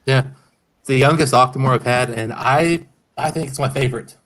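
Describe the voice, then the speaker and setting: The host of a whiskey review stream talks briskly in a medium-pitched, slightly bright voice. His casual tasting session wanders, with lots of hedging and frequent self-corrections.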